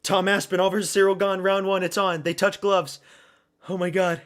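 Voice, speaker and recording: A man streaming a watch party, giving excitable, profane live reactions to a fight and often repeating himself. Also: high-pitched, moderate pace.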